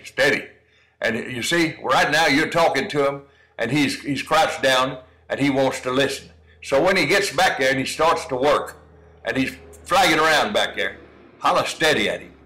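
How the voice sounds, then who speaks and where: Poor audio carries the pushed, bright, mid-range voice of a middle-aged man. He breeds cowdogs and is casually narrating training footage, folksy and supportive, calling the listener son.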